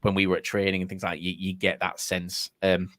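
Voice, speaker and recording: A man's voice: low voice, fairly quick, no echo, clean studio sound. A man co-hosting a football podcast, telling stories in casual chat and acting out the quotes. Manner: animated storyteller, acts out quotes. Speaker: podcast co-host.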